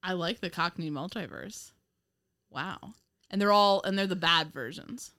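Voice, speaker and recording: A woman's voice: fairly low pitch, a little slow, sharp tone. A woman co-hosting a casual chat about an old TV show, rambling and giggling often. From United States. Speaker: podcast co-host.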